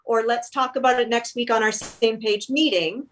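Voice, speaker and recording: A woman's voice: on the high side, fairly even intonation, moderate pace. A woman from Canada who works as a fractional operations officer, talking directly and laughing often as a guest in a casual interview.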